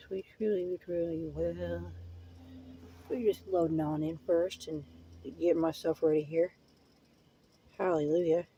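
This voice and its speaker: A woman's voice: on the low side, creaky, dark tone, husky, muffled recording. A woman hosting a casual live-stream hangout, rambling in a folksy way and dropping prayerful asides. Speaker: livestream host.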